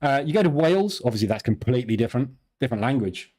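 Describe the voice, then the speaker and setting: A man's voice: medium pitch, very animated, racing, dark tone. A middle-aged man with a southern English accent, hosting a live trading stream and chatting casually with viewers, joking and laughing easily. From southern England. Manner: chatty, jokey, laughs easily, answers viewers' questions aloud.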